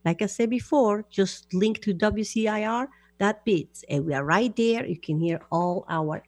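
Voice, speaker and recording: A woman's voice: mid-range voice, unhurried, darkish tone, dry recording. A woman hosting a radio show, chatting casually and laughing easily in broken English.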